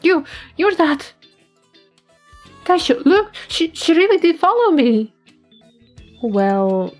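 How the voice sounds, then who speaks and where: Brief: woman voicing a jittery young actress for a storybook game reading. High, strained, stammering and pleading, with soft music underneath. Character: timid young actress, jumpy and easily scared.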